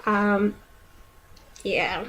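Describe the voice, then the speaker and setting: A woman's voice: mid-range voice, fairly even intonation, very slow, fairly bright tone, a little hiss or hum. A young woman chatting casually about books for her vlog, playful and now and then dropping into a whisper. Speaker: book vlogger.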